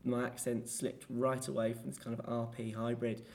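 A man's voice: medium pitch, moderate pace, creaky. A young man with an Essex accent, talking casually and rambling about where he grew up, with plenty of fillers. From Essex, England. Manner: relaxed and rambling, with many fillers.

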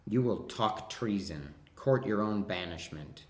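A man's voice: fairly low pitch, lively intonation, unhurried, darkish tone. A man reading a scornful scolding husband. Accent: Wisconsin. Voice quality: nasal. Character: bitter scornful husband scolding his wife. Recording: roomy echo.

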